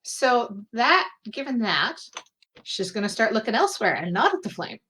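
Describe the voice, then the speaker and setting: Woman, tabletop player, lively pitch, eager, third-person play. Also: moderate pace, breathy edge.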